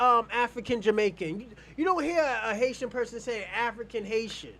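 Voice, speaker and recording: A man's voice: extremely high pitch, fairly quick, few pauses, fairly bright tone, a little hiss or hum. An American man hosting an online show, arguing bluntly and profanely in a heated live debate. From United States.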